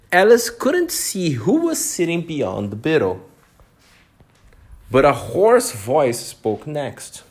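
A man reading a storybook aloud to children, pausing now and then to explain words. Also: medium pitch. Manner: animated, unhurried, pauses to explain words.

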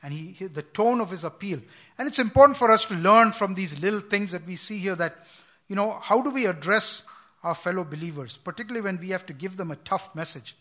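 A man's voice: high-pitched, animated, fairly quick, sharp tone. A man preaching a sermon, earnest and repeating words as he quotes scripture with emphasis.

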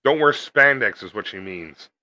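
A man's voice: fairly low pitch, lively intonation, moderate pace, bright, forceful tone, no room sound. A man co-hosting a podcast, riffing crudely and sarcastically while watching a movie. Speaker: podcast co-host. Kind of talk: casual movie watch-along banter.

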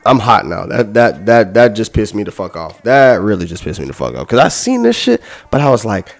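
Heated, profane podcast man. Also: on the low side. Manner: profane, heated, repetitive ranting. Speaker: podcast host. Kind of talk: ranting podcast commentary.

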